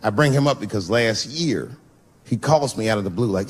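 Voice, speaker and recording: A man performing a stand-up comedy set, telling a profane story with animated delivery and sudden jumps in his voice. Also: lowish voice, normal speed, slight background noise.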